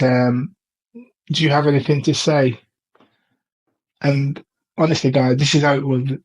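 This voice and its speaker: An Englishman with a mid-range, slightly mellow voice gives a casual first-person account of visiting court, captured in a low-quality recording. He testifies in a casual, earnest way, with many ums and restarts.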